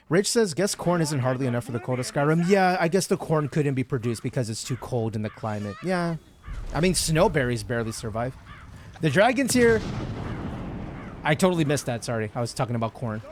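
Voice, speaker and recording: A man's voice: medium pitch, lively intonation, fairly quick. A man from Texas chatting casually on a gaming livestream, rambling between topics and reading chat messages aloud. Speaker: streamer.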